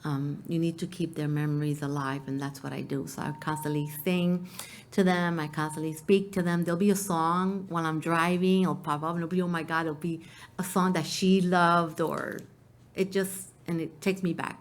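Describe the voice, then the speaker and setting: Deep-voiced emotional woman guest. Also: fairly even intonation, moderate pace, slight background noise. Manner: heartfelt, emotional, laughs often. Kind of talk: emotional talk show interview.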